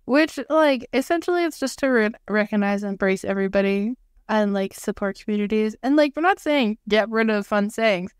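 A young adult woman co-hosting a podcast, bubbly and chatty, quick to throw in pop-culture quotes. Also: medium pitch, expressive, smooth, no room sound, studio quality. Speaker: podcast co-host. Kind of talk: casual chat.

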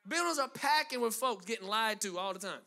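High, bright-voiced emphatic preacher man. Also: animated, fairly quick, vocal fry. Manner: emphatic preaching with rising, driving lists; conversational asides to the congregation. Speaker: pastor. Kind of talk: sermon.

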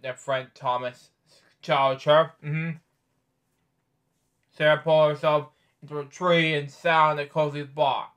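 Male host, bedtime read-aloud, stumbling and chatty, voice on the higher side. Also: flat delivery, fairly bright tone. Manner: halting reading with stumbles and offhand commentary. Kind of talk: reading a picture book aloud with casual asides.

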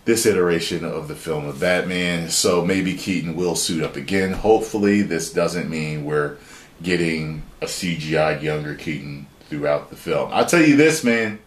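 A man giving excited, profane, rambling video commentary and reading an article aloud. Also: low voice, normal speed. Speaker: YouTube commentator. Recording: roomy echo.

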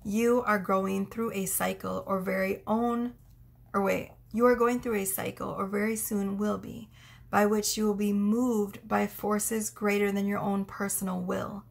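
A woman's voice: mid-range voice, level tone, unhurried, creaky. A young woman giving a casual tarot reading, effusive and emotional as she reads out cards. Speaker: tarot reader.

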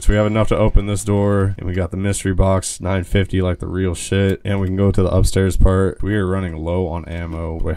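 A young man giving casual gameplay commentary as a gaming video host, excitable and swearing, yelling when he panics. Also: sits low, vocal fry. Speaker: gaming YouTuber.

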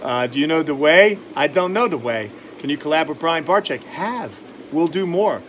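A man's voice: fairly high pitch, lively intonation, normal speed, fairly bright tone, a little hiss or hum. A man hosting a casual live stream outdoors by a pond, joking around and reading viewer comments. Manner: upbeat, joking, reads viewer comments aloud. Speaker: reptile channel host.

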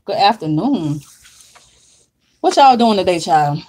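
A woman's voice: fairly low pitch, big pitch swings, a little slow, mellow. A woman hosting a casual livestream from her makeup desk at home, chatty and drawling as she greets viewers by name.

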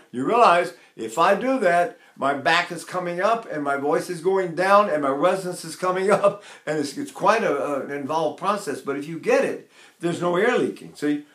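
An older male voice teacher with a fairly high voice talks through vocal technique. He rambles and wanders off on side notes. The sound is echoey, as if recorded in a bare room. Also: lively intonation, normal speed, fairly bright tone. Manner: rambling, digressive explanations with sung demonstrations.

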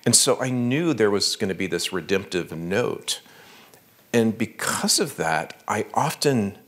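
A man's voice: lowish voice, expressive, unhurried, a bit bright. A man, an author, giving a conversational talk at a library, telling stories animatedly with fillers.

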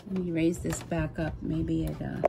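An embroidery vlogger chats casually to her viewers while working at a machine, flustered and apologetic as she explains how-to steps. Her low voice barely moves in pitch, with vocal fry at a moderate pace. No microphone is on, so the camera mic picks up background noise from her home sewing room, where a window is open and the ceiling fan runs.

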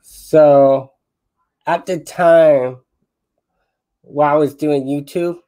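A man in his twenties, a guest on a panel, explaining things in an unhurried, reflective way. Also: fairly high pitch, fairly even intonation, dark tone. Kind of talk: casual conversation.

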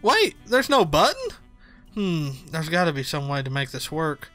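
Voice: medium pitch, huge pitch swings, normal speed, a bit bright. A let's-play host chatting and reading game dialogue aloud in casual gameplay commentary. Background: game music.

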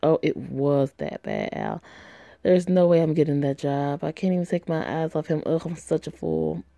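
A woman's voice: low-pitched, sing-song, normal speed, vocal fry, dark tone, dry recording, full character voice. A woman voicing a nervous young female job applicant who talks in a flustered, self-doubting way.

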